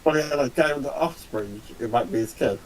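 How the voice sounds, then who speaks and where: A man's voice: medium pitch, fairly quick, a little hiss or hum, low-quality recording. A man from Britain co-hosting a podcast, chatting in an easygoing way and laughing between remarks. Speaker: podcast co-host. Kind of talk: casual chat.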